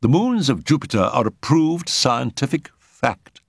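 A man's voice: medium pitch, very animated, a little slow, gravelly, slightly rough, no room sound, clean studio sound, voice pushed up, exaggerated voice. A man voicing an agitated, earnest young man who fears he is losing his mind, in a storybook reading. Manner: tense, pleading, insistent. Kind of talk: audiobook character reading.

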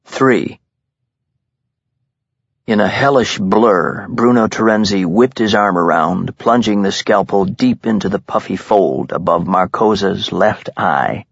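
Male audiobook narrator, husky and gravelly, measured thriller read, dull lo-fi recording. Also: fairly low pitch, no room sound. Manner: measured, tense storytelling. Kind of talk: scripted dramatic narration.

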